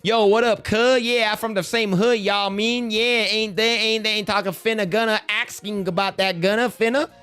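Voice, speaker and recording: A man's voice: steady tone, normal speed, few pauses, clean tone, faint music behind. A man mocking a pandering politician. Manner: exaggerated slangy mimicry, louder and higher.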